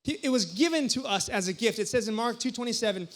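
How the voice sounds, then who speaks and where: High-voiced young pastor preaching animatedly. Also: male voice, fast, few pauses. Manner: animated, jokey storytelling with sudden loud exclamations. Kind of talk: sermon. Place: church hall before a congregation.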